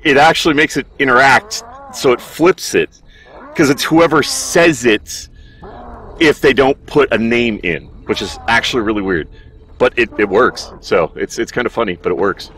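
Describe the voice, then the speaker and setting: A young man commentating his own horror game playthrough in a casual, animated way, cursing and laughing at his mistakes, with allergies that make him clear his throat. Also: medium pitch, moderate pace, a little hiss or hum. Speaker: gaming streamer. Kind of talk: casual let's play commentary.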